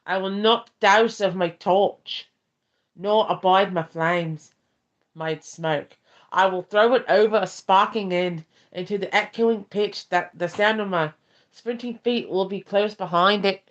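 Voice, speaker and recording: A woman's voice: medium pitch, unhurried, close to an everyday voice. A woman putting on an Australian-accented reader. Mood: solemn. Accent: put-on Australian. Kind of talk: ASMR poem reading. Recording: dull lo-fi stream audio.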